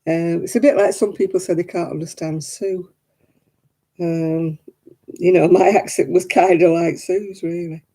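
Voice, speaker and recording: A woman from Oldham with a softened northern English accent, chatting casually on her crafting video and laughing often. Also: on the low side, fairly even intonation, unhurried. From Oldham, England. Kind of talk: casual chat.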